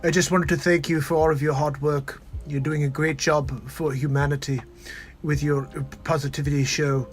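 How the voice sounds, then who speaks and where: A man doing a comedic impression of a male tech entrepreneur with a stiff, halting delivery. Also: on the high side, little pitch movement, soft background music, pitched above the performer's own voice, close to an everyday voice.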